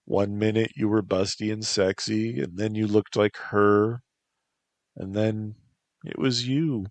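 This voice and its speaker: A man voicing a remorseful young man who speaks softly and sheepishly. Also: on the low side, fairly even intonation, slow, no room sound.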